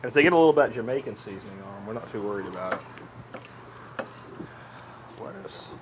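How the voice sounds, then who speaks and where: A man's voice: fairly low pitch, expressive, brisk, slight background noise. A man, co-hosting a cooking show and joking while he cooks, laughing often and telling stories with animation. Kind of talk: casual banter while cooking.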